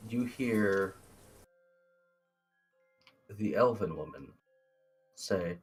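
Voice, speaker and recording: A man narrating as game master in a live-streamed tabletop game, relaxed and chuckling as he explains the rules. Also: fairly low pitch, measured pace, pauses often, faint music behind, rough recording.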